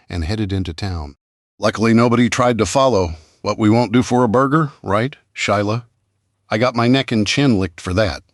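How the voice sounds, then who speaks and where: A man narrating a first-person thriller audiobook in a calm, even storytelling manner. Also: fairly low pitch, no echo, studio quality.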